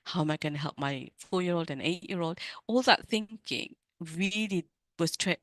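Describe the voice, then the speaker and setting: A middle-aged woman coach giving an earnest, emotional personal talk to other women, with halting restarts. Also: fairly low pitch, dry recording.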